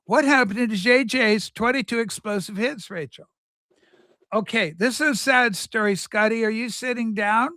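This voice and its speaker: Man, livestream host, campy, rambling, very high pitch, dry close sound. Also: normal speed, bright, forceful tone, dry recording. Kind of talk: casual chat.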